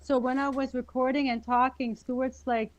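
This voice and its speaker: A woman with a Canadian accent, a guest in a casual interview, giggly and animated, often restarting her words. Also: high voice, moderate pace.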